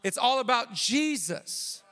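Guy preaching a sermon, lively and playful, lots of hall echo. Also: very high voice. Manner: animated preaching with quick asides and playful voices. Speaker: pastor. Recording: long hall reverb.

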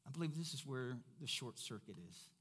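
A man preaching a sermon as pastor, first loud and emphatic, then quieter and conversational. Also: medium pitch, lively intonation, moderate pace, husky.

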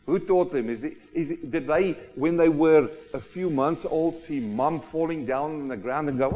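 A man preaching a sermon, emphatic and animated, often asking rhetorical questions of the congregation. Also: on the high side, moderate pace, few pauses, a little hiss or hum. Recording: long hall reverb.

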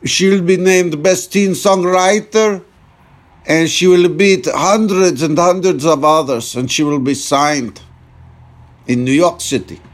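A man's voice: fairly high pitch, takes it slowly. A man voicing a proud immigrant father from the Balkans who speaks in grand, broken English.

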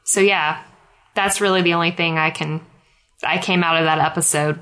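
Woman podcast host, casual chat, rambling, bright tone, lowish voice. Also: fairly even intonation, moderate pace, poor audio. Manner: chatty, rambling, frequent fillers and laughs.

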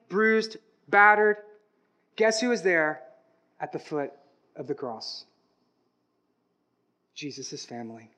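A male pastor delivers a dramatic sermon in a very high, bright voice. He drops to near-whispers for solemn moments and climbs to loud, ringing declarations. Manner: dramatic preaching, swings from hushed to loud.

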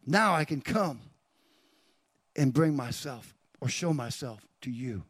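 A male pastor addresses his congregation directly, naming individuals as he preaches and moving from quiet whispers up to loud peaks. His mid-range voice is slightly rough and a bit slow, captured without any reverb.

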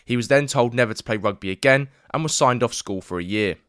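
A man's voice: medium pitch, fast talker, fairly bright tone, clean tone, dry recording. Chatty man hosting a podcast. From East London. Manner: chatty, matey banter. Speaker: podcast host. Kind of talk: podcast interview. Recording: dry remote podcast recording.

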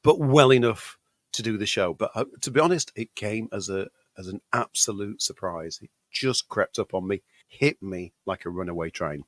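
A British man, a podcast co-host, chatting casually with a gravelly voice while recovering from illness, often repeating words. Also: lowish voice, normal speed, no room sound. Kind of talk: casual chat.

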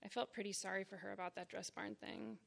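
A woman in her thirties reads her own memoir aloud at a live event, her mid-range voice catching on a gravelly fry at the ends of phrases. She takes it slowly, phrase by phrase, blunt and frank. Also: medium pitch, fairly even intonation. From Boston area, United States. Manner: deliberate, measured reading in short phrases with blunt frankness. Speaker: writer reading her own work. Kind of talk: live literary reading of personal memoir. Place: reading series event before an audience.

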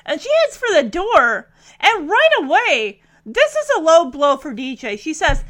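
A woman's voice: sits high, wildly swooping pitch, measured pace, a bit bright. A young adult woman reviewing a TV episode in casual commentary, chatty and emotional, with lots of fillers.

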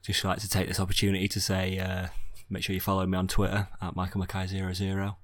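A young man chatting on a podcast, his voice set a bit low and his words run together in a quick mumble. The sound is dry and close, with no room around it. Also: completely flat delivery, no echo. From Sheffield, England. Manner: mumbly, talks fast and low. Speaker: podcast host. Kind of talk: casual chat.

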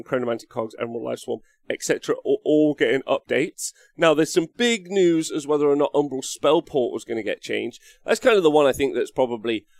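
An English man chats loosely about his hobby, rambling from point to point and joking at his own expense. His voice sits at a middling pitch. The sound is dry and close, with no room around it. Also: dry recording. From England. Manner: rambling, jokey, swears, reads chat comments aloud. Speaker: wargaming show host. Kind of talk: casual live-stream chat.

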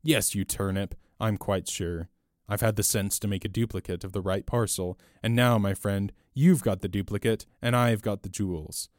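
Male reader doing big boastful robber in priest's garb, low and scornful, flat studio sound. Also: normal speed, no room sound, lightly acted. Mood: mocking. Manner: low and steady, then mocking and boastful. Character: tall, bold male master thief posing as a priest.

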